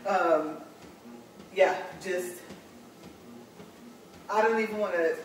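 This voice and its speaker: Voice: mid-range voice, fairly even intonation, moderate pace. A vlogger chatting casually to viewers, rambling and repeating words, with laughs between phrases. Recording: very echoey room, distant mic, faint noise.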